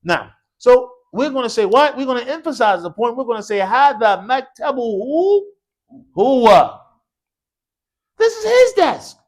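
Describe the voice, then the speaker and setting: Animated male Arabic teacher. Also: extremely high pitch, normal speed. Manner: animated, quizzing the class with repeated "what?" prompts; mixes English with short Arabic phrases. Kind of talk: classroom Arabic lesson with call-and-response drilling. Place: mosque classroom.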